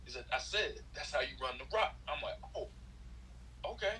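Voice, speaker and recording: A man's voice: medium pitch, lively intonation, fairly quick, sharp tone, a little hiss or hum, low-quality recording. A middle-aged man, a former football player who grew up in Los Angeles, telling a story as a guest, acting out what others said and laughing often. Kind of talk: animated storytelling.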